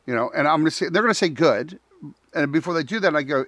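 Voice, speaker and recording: A man's voice: on the high side, animated, quick pace, a bit bright, dry recording. A man hosting a live talk show, chatting casually and acting out dialogue, laughing often.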